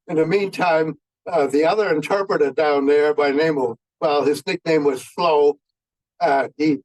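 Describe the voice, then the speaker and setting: A man in his nineties, a veteran, tells war stories in a folksy way and often pauses on fillers. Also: on the high side, a little mellow, no echo, rough recording. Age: 90s. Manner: folksy, halting with many fillers. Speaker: veteran speaker. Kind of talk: anecdotal war storytelling.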